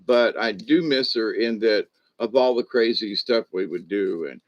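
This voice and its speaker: An older man telling personal stories to his channel in a casual, halting way, often restarting his sentences. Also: lowish voice, lively intonation, muffled recording. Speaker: channel host. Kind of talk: casual rambling storytelling.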